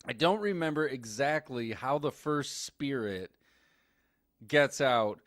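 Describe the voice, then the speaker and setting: A man co-hosting a casual movie recap podcast, animated and swearing freely as he acts out scenes. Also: medium pitch, slow, no echo, studio quality. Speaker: podcast co-host.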